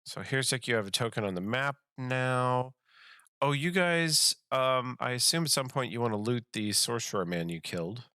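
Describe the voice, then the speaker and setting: Guy running a tabletop game, bright punchy voice, dry close sound, teases everyone. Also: mid-range voice, animated, moderate pace, smooth, no echo. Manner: laughs often, teasing. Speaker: game master.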